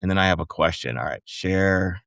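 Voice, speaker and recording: A man's voice: low voice, fairly quick, vocal fry, a bit bright, no echo, clean studio sound. A man hosting a casual podcast interview, talking enthusiastically and often calling his guest "man.". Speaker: podcast host.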